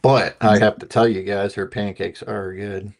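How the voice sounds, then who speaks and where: A man's voice: on the low side, little pitch movement, normal speed, gravelly. A man on a casual livestream panel, chatting loosely, telling jokes and laughing often. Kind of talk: casual chat.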